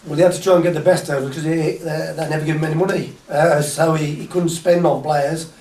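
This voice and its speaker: A man's voice: fairly high pitch, steady tone, fast talker, a little mellow, a little hiss or hum. Chuckling older Black Country man, roomy sound. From Tipton, England. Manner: rambling, chuckling, repeats phrases. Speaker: guest, former footballer. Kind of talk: casual interview chat. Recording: echoey room, mic at a distance.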